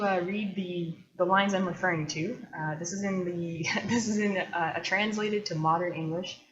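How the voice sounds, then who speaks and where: A woman hosting a casual solo talk, chatty and thoughtful, with loose asides. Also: lowish voice. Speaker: host. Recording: dull lo-fi recording.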